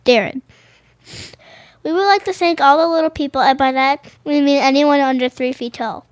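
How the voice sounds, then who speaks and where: Woman, high voice, dry close sound; reads picture books aloud, trips over lines, chats between pages. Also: normal speed, no echo. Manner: stumbling and rereading phrases, adding casual commentary. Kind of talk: reading children's books aloud with chatty asides.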